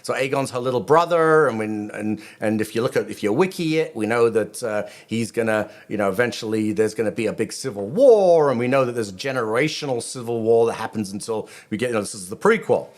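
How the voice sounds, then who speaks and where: Chatty rabbi rambling about a show. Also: male voice, mid-range voice, lively intonation, brisk, hardly any pauses. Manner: rambling, self-interrupting, chatty asides. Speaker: rabbi and channel host. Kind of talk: casual video commentary.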